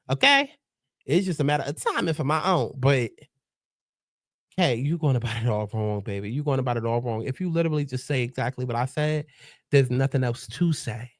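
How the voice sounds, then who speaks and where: A man's voice: on the high side, fairly bright tone, no echo, clean studio sound. Sassy, profane male commentator. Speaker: host. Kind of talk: pop culture commentary.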